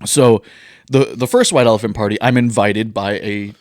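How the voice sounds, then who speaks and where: A young man co-hosting a podcast, telling stories in a casual, animated way and laughing often. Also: lowish voice, moderate pace, no echo, studio quality. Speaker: podcast co-host. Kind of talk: casual chat.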